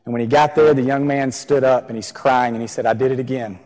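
A man's voice: mid-range voice, fairly even intonation, fairly quick, a little mellow. Earnest preacher man, echoing sanctuary. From Texas. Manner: earnest, repeats key phrases for emphasis. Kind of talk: sermon. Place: church sanctuary. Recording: long reverb of a church hall.

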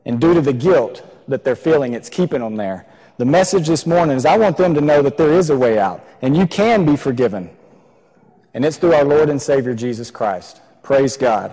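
A man's voice: medium pitch, lively intonation, normal speed, dark tone. A man preaching a sermon in a church, earnest, repeating key phrases for emphasis. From Texas. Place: church sanctuary. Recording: long reverb of a church hall.

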